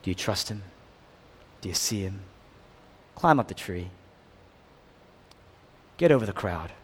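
A man preaching a sermon as pastor, swinging between loud, emphatic build-ups and hushed near-whispers, with repeated questions to the congregation. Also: low-pitched, expressive, unhurried, husky.

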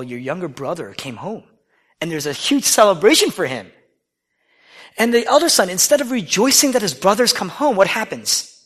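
Animated man preaching a sermon. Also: a little high. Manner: dramatic storytelling, acts out quoted characters. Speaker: pastor.

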